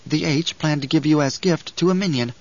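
A man's voice: fairly high pitch, a little fast, no echo, lo-fi sound, natural voice. A man voicing a secret informant's hasty, urgent warning note in an audiobook reading.

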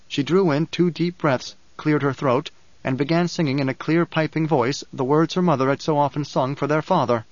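A man narrating an audiobook in a measured, even storytelling manner. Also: on the high side, dry recording. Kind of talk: scripted narration. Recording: dry, slightly dull studio recording.

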